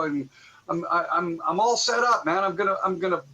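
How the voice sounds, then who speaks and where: A man's voice: high-pitched, brisk, pushed and bright, low-quality recording. A man guesting on an interview show, telling a story in a loose, profane way and acting out the dialogue of the people in it. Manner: profane, acts out quoted dialogue. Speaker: guest musician.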